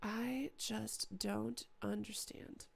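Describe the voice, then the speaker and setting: A woman commenting live as she plays a horror game, chatty and swearing, yelling at the characters. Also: mid-range voice, steady tone, drawn-out words, creaky, background noise. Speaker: streamer playing a horror game.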